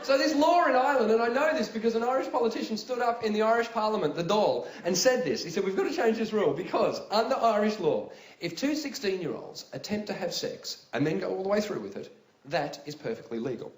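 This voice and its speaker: Animated Australian man doing stand-up. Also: high voice, fast talker. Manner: animated storytelling, acts out voices, big yelling bursts. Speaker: stand-up comedian. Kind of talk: stand-up comedy routine. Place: live venue with audience laughter. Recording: roomy live venue sound with loud ambience.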